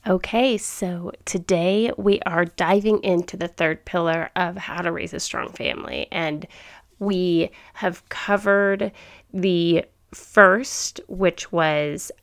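A woman's voice: fairly low pitch, steady tone, takes it slowly. A woman hosting a faith podcast, talking chatty and enthusiastic, thinking aloud as she goes. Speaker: podcast host. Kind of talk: casual faith podcast talk.

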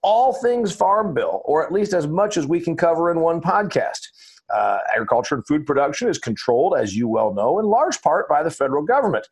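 A man hosts a podcast in a folksy, emphatic way. His voice is a little husky, and his pitch rises and falls a lot as he leans into the points he makes. The talk stays casual and chatty. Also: sing-song, fairly quick. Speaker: podcast host.

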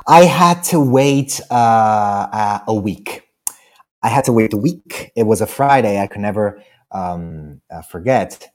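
A man's voice: on the low side, expressive, measured pace. A man with an Italian accent, a guest actor on an interview podcast, telling a story casually, laughing often and acting out the people he quotes. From Italy.

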